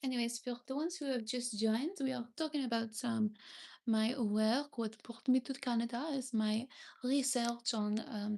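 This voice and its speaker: A woman's voice: a little high, vocal fry, darkish tone. A woman from Paris with a French accent, French being her first language, chatting casually on a livestream from her bed and reading out comments with frequent ums and restarts. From France, Paris. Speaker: livestream host. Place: seated on her bed indoors. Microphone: phone.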